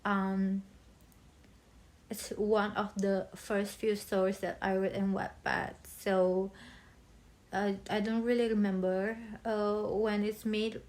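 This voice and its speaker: A young woman talking about a favorite book in a bubbly, chatty way, speaking English as a second language, with pauses and restarts. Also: mid-range voice, a little mellow. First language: not English. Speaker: book vlogger. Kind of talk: casual book chat.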